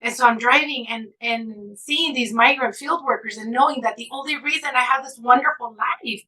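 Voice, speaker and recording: A woman's voice: on the high side, normal speed, sharp tone, rough recording. A woman author being interviewed, telling stories earnestly and with emotion, switching into Spanish at times. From California, United States. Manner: emotional, earnest storytelling, slipping into Spanish phrases. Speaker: author and guest. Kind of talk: heartfelt interview answer.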